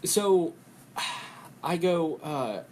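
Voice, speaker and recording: A man hosting a podcast, talking in a rambling, profane way and breaking into quick impressions. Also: a little high, animated, darkish tone, a little hiss or hum. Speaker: podcast host. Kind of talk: casual podcast chat.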